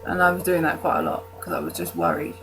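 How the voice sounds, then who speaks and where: A woman's voice: very deep voice, very animated, quick pace, music in the background, low-quality recording. A young woman from the UK talking casually to camera in her vlog, rambling with fillers and restarts and self-mocking jokes. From United Kingdom. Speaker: vlogger.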